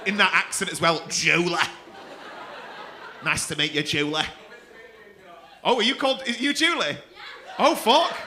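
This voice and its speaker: Man, comedy club host, high-pitched, bright tone, teasing crowd work, swearing. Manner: teasing, sweary banter with the audience.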